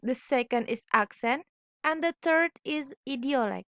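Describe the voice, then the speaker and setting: Young woman student, first language Indonesian, high voice, slow halting read, dull dry recording. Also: animated, fairly bright tone, dry recording. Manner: careful, halting, corrects her own slips. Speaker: student presenter. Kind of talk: reading a class presentation.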